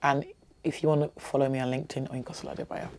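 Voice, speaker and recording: A woman guest on a podcast, her voice low. She chats casually, laughs easily and warmly affirms the host. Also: little pitch movement, very fast, a little hiss or hum. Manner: warm, giggly, affirming. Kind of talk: casual interview chat.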